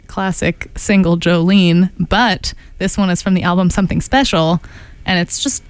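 A woman's voice: medium pitch, a little mellow, dry recording. Young woman hosting college radio, chatty. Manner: chatty, loose, many fillers. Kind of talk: casual radio sign-off chat. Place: radio studio.

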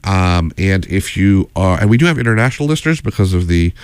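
A man's voice: low voice, expressive, fairly quick, smooth, dry recording. A man hosting a community radio show, talking unscripted in a rambling, digressive, earnest way from a radio studio.

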